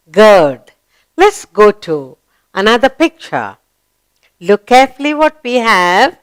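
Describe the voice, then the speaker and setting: A woman leads a children's grammar lesson at an unhurried pace. Her voice is smooth and clear and sits a little high, and her pitch rises and falls in a lively, sing-song way. She keeps quizzing the child and praising each reply. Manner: slow, encouraging, asks the child questions and praises answers. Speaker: teacher.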